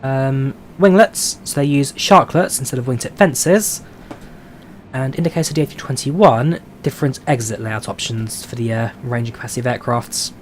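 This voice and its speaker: Reading out viewer questions and answering with frequent "uh"s, a man chats casually on a live stream while flying a simulator. He's a flight sim streamer from London, England with a London accent, speaking at medium pitch and normal speed, and a little hiss or hum is audible.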